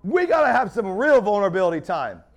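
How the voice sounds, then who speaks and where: A man's voice: sits high, sing-song, quick pace. A man preaching a sermon as pastor, fiery and building in intensity.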